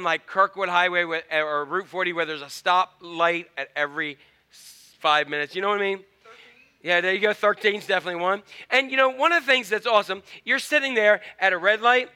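A man's voice: sits high, clear, resonant tone. A male pastor, preaching a playful, conversational sermon and acting out honks and quoted voices. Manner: animated, playful, acts out honking and quoted voices. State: tired.

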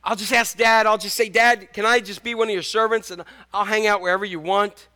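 Man doing a young prodigal son, ashamed, halting, self-abasing, pleading. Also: high-pitched, fairly even intonation, pushed and bright.

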